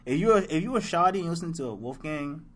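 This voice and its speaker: Fast-talking, excitable young man. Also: a little high. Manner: excitable, slangy, quick banter. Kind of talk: casual chat.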